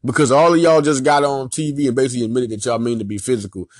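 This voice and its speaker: A man with a Philadelphia accent hosting a sports podcast, ranting in an animated, emphatic, slangy way and repeating his points. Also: mid-range voice, fast, no room sound, studio quality. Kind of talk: casual sports rant.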